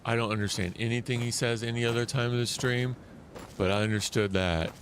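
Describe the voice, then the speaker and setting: A man streaming a survival shooter live, talking loosely and excitedly as he plays, often restarting his sentences. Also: medium pitch, fairly quick, a little hiss or hum. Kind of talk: live gameplay commentary.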